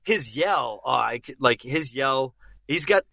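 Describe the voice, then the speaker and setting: A man's voice: mid-range voice, expressive, unhurried, vocal fry, sharp tone, no room sound. A man, a guest on a podcast, rambling and joking at his own expense. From Boston area. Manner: rambling, self-mocking, lots of fillers and restarts. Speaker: guest impressionist. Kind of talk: casual podcast chat.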